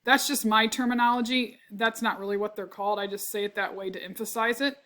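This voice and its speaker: A congested woman who clears her throat a lot, teaching chemistry in a recorded lecture. She explains step by step, often checks with "right?" and corrects her own slips. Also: medium pitch, steady tone, brisk, fairly bright tone.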